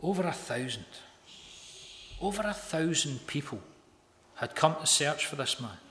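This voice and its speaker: A man's voice: fairly high pitch, lively intonation, unhurried, pushed and bright, slight background noise. A man telling a story as a sermon in a large hall, emphatic, repeating phrases for effect. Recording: echoey hall with long reverb.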